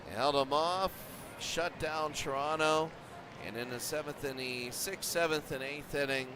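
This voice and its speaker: A man's voice: fairly high pitch, measured pace, noisy background. A man doing casual play-by-play and recaps of a simulated baseball league, rambling and repeating himself as he goes. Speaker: video game commentator.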